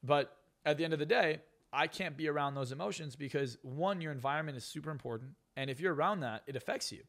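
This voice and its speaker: A man's voice: on the high side, fast talker, fairly bright tone. A man who is a hypnotist and coach, guest on a podcast interview, talking bluntly and profanely with lots of emphasis.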